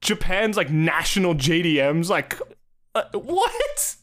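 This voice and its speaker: A man's voice: high-pitched, huge pitch swings, slow, fairly bright tone. A man co-hosting a casual podcast, laughing often and improvising silly voices in comic bits. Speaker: podcast co-host. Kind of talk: casual chat.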